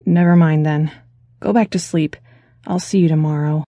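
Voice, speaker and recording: A man's voice: fairly high pitch, fairly even intonation, normal speed, warm tone, dry recording, clean studio sound. A woman narrator voicing a worried young man who is calling his sister from abroad, speaking urgently and earnestly in an audiobook. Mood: reassuring. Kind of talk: audiobook character voice.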